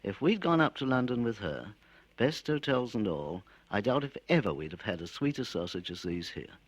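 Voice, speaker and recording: A man's voice: on the low side, big pitch swings, moderate pace, no room sound, highs cut off. A man voicing Fred, a grieving rustic showman with plain country speech, on an old spoken-word record. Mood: contented.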